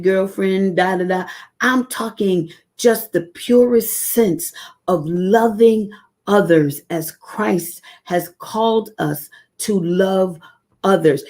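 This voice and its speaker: A woman's voice: medium pitch, darkish tone. A woman giving an earnest, emotional devotional testimony to a live-stream audience, stretching out key words and coming close to tears. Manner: earnest, personal, drawn-out emphatic phrases. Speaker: devotional speaker.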